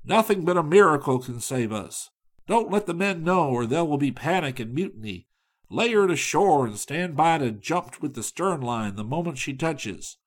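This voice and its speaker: A man voicing a commanding male raft captain who shouts his orders. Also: fairly high pitch, expressive, normal speed, pitched above the performer's own voice. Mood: urgent. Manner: barked commands, loud and raised.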